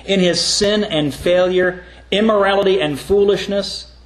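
A middle-aged man preaching a sermon, telling stories earnestly and rising into emphatic, pitched-up points. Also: unhurried, echoey room. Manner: earnest storytelling with sudden emphatic rises. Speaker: pastor.

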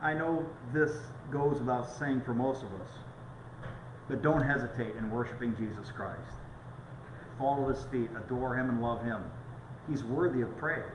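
A man's voice: medium pitch, moderate pace, noisy background. Preaching man in an echoey room. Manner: conversational, storytelling preaching. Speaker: pastor. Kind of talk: sermon.

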